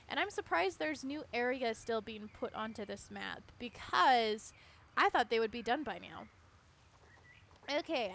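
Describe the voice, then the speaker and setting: A woman's voice: a little high, fairly bright tone, slight background noise. A woman streaming a horse-riding video game, rambling casually with lots of "like" fillers. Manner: rambling and chatty, many "like" fillers. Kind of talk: casual gameplay commentary.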